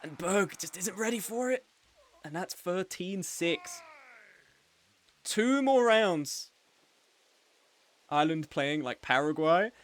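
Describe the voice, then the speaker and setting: A man's voice: high voice, lively intonation, a little slow, fairly bright tone. A young man giving live, joking play-by-play commentary on a game tournament as the streaming host. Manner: chatty and joking, with frequent laughs.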